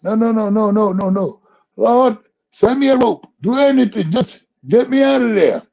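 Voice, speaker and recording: A man voicing a panicked man clinging to a branch, pleading and shouting upward for help. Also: on the low side, lively intonation, measured pace, creaky, lo-fi sound, heavily acted. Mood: frantic.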